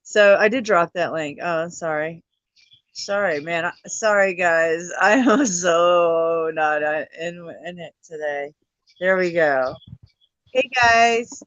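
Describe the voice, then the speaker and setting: A woman's voice: on the low side, takes it slowly, fairly bright tone, no echo. Worn-out woman chatting on her livestream, cusses a lot, dull dry sound. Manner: tired, swears often, laughs easily. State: tired. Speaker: livestream host. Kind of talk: casual livestream chat.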